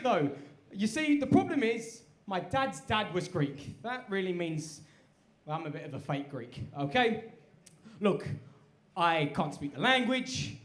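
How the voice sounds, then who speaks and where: A man doing stand-up in a high, lively voice that jumps all over the place. He talks in a chatty, self-deprecating way into a handheld stage mic. The sound rings through an echoey comedy venue. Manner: animated, self-deprecating, conversational. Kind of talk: stand-up set.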